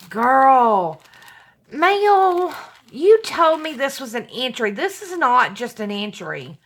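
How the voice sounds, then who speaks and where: There's slight background noise as a woman with a rather high voice unwraps a gift package at home one night. She takes her time talking, but she gushes excitedly, gasping, exclaiming and calling her viewers "y'all" in a relaxed unboxing chat.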